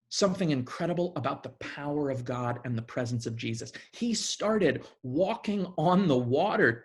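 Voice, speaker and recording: A man preaching a sermon in a conversational, animated way, often restarting his phrases. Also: a little high, breathy edge.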